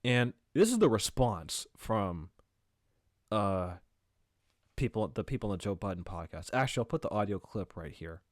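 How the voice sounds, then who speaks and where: A man's voice: fairly low pitch, very animated, moderate pace, dry recording. A man hosting his own podcast, ranting angrily with heavy profanity. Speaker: podcast host. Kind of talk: angry solo commentary.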